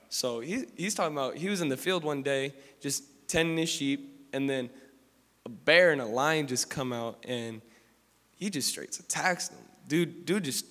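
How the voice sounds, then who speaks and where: A man's voice: mid-range voice, moderate pace, a bit bright. A man preaching a sermon, reading scripture aloud and then commenting on it in casual, slangy talk with frequent restarts. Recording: long hall reverb.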